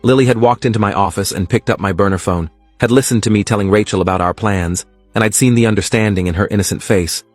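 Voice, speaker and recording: A man narrating a first-person horror story in a steady, scripted reading style. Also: on the low side, quick pace, hardly any pauses, dry recording, faint music behind.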